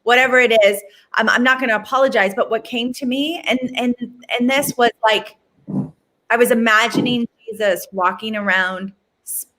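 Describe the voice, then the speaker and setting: Earnest, halting woman. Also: fairly high pitch, fairly even intonation, a bit bright. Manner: earnest and halting, with many restarts. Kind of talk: sharing in casual conversation.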